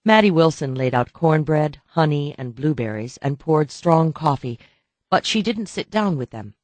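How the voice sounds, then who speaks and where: Man, audiobook narrator, steady storytelling, dry close sound. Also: on the high side, moderate pace, no room sound. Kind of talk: scripted narration.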